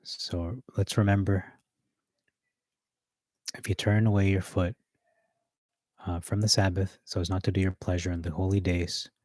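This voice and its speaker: A man with a deep, low voice rehearses a sermon, reading verses aloud between hesitant fillers and self-corrections. The sound is dry and close, with no room echo. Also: flat delivery, measured pace, pauses often, a little mellow. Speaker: preacher.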